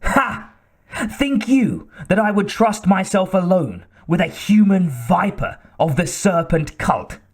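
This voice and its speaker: Male reader as shrill old king, shaky voice, high-pitched and drawn out, audiobook. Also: very animated, slow pace, full character voice. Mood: furious. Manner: shrill, shaking outbursts.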